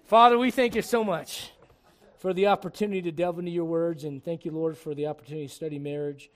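A middle-aged man from Puerto Rico preaching a sermon to a congregation, shifting from fervent shouts to quiet, earnest appeals and slipping in jokes. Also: a little high, fairly even intonation, quick pace. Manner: joking asides to the congregation. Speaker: pastor. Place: church service before a congregation.

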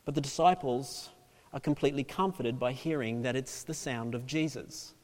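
A man preaching a sermon with dynamic delivery, swinging from loud emphasis to hushed asides. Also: mid-range voice, moderate pace, big-room sound. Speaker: pastor.

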